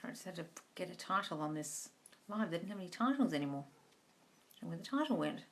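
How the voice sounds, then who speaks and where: A woman's voice: on the low side, big pitch swings, fairly quick. A woman hosting a live question-and-answer stream, chatting casually, reading out comments and calling viewers darling. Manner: chatty, calls everyone darling. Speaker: manifesting coach hosting a live Q&A.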